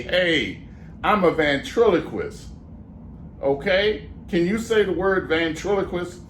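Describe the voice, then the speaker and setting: A man's voice: high voice, animated, slow, fairly bright tone, reverberant, slight background noise. A man performing as a ventriloquist for children, coaxing and mock-exasperated with his parrot puppet. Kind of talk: children's comedy act.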